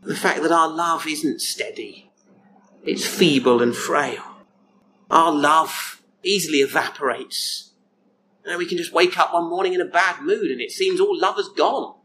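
Slow, reflective male preacher. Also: a little high, bright, forceful tone, a little hiss or hum, rough recording. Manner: slow, reflective, repeats phrases and asks rhetorical questions. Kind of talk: sermon.

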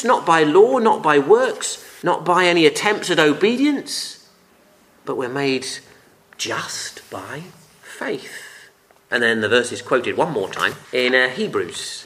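A man giving a Bible teaching talk, earnest and emphatic, often dropping to a quiet voice on key phrases. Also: a little high. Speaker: preacher.

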